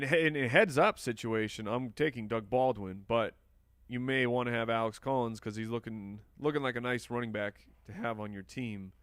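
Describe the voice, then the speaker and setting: A man's voice: medium pitch, dry recording. A man hosting a live fantasy football stream, chatting casually and answering viewer questions while he drafts. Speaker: fantasy football podcast host.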